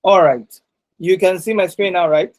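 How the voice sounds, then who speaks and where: A man's voice: sits high, moderate pace, low-quality recording. A man teaching a live online exam-prep class over a video call. He repeats his points and tags many sentences with "right?".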